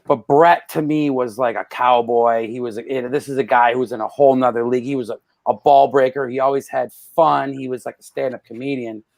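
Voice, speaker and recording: Man, podcast guest, gravelly voice, animated storytelling, dry room. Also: fairly quick, few pauses, no room sound. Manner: animated, acts out quotes with loud jumps in pitch. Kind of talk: casual storytelling.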